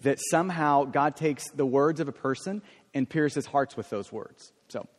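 A middle-aged male pastor talks to his church in an earnest, informal way. He often stammers and restarts his sentences. His voice sits at an ordinary pitch and rings out with a long reverb in the sanctuary. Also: moderate pace. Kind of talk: church service sharing time.

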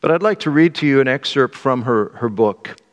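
Pastor preaching in a reverberant hall. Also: male voice, mid-range voice, expressive, brisk. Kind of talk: sermon with read excerpt.

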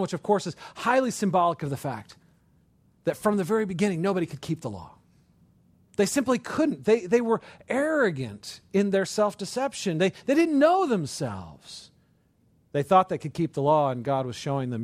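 Animated preacher man, higher voice. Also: normal speed, no echo. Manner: animated, rhetorical questions, repeats words. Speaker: pastor. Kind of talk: sermon.

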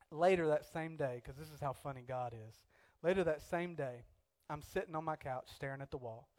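Young male preacher, slightly high-pitched, animated storyteller who shifts between loud bursts and hushed reflection. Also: a little fast, hardly any pauses, no room sound. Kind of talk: sermon with personal story.

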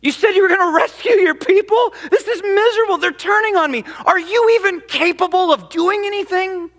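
A man's voice: very high-pitched, a little fast, fairly bright tone, voice pushed up. A preacher acting out a man pleading with God, incredulous and exasperated. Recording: long hall reverb.

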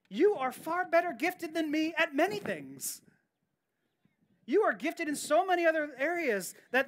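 A woman's voice: high voice, slight background noise. A woman pastor preaching a sermon in an earnest, emphatic way, often repeating key phrases and restarting her sentences.

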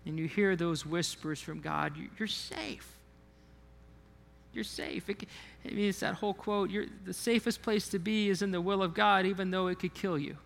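A man's voice: high voice, steady tone, fairly quick, gravelly, in a large hall. A man preaching a sermon as a pastor, talking in a conversational way, often repeating himself and putting questions to the congregation. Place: church sanctuary.

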